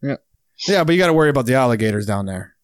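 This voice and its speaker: A man hosting a podcast, easygoing and quick to chuckle while he tells his own boot camp story. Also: mid-range voice, lively intonation, clear, resonant tone, no echo, studio quality. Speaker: podcast host. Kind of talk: casual chat.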